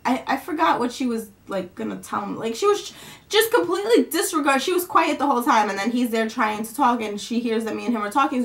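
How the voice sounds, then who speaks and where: A young woman vlogging at home, venting in a rambling, frustrated way and swearing casually. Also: on the high side.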